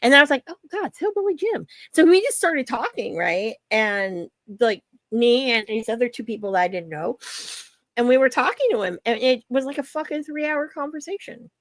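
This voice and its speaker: A woman with a slightly high voice talks at a normal speed, with no room sound. She's a podcast co-host chatting casually, an animated storyteller who swears freely and uses lots of fillers.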